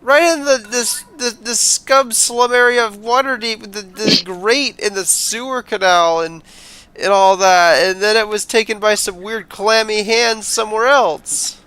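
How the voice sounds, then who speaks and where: A jittery small-time crook who whines, pleads and rambles defensively, as the game master puts him on at the table. His voice rides a little higher than the speaker's own, with a bright, forceful edge. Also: measured pace, clean tone, natural voice, poor audio. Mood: protesting. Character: nervous, whiny male criminal supplier.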